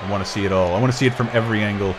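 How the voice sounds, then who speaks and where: A man's voice: fairly low pitch, steady tone, racing, crowd noise, noisy background. A man co-hosting a casual gaming stream, joking and reading viewer comments aloud. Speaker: co-host.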